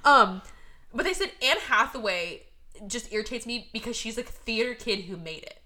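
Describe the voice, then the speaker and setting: A woman co-hosting a podcast in casual chat, animated and quick to laugh, swearing freely and acting out what others said. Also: on the high side. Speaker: podcast co-host.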